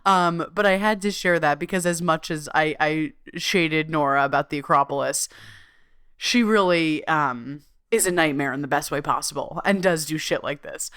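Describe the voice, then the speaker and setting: A woman hosting a podcast, telling a funny story in an animated, laughing, profane way. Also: sits low, normal speed, smooth, no room sound, studio quality. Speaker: podcast host.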